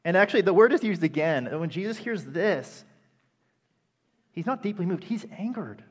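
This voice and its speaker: A man preaching a sermon with impassioned delivery that rises to loud, emphatic peaks. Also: sits high, expressive, normal speed, husky. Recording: long reverb of a hall.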